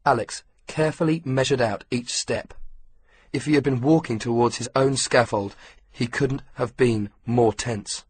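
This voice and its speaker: With a husky, breathy tone at a typical mid-range pitch, a man narrates an audiobook from a script. His pacing stays calm and steady throughout.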